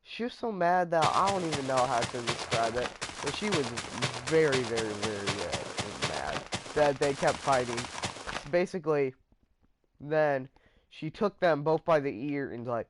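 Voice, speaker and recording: A man's voice: medium pitch, animated, normal speed, noisy background. A man casually telling a story about his friends in a rambling vlog, trailing off with fillers.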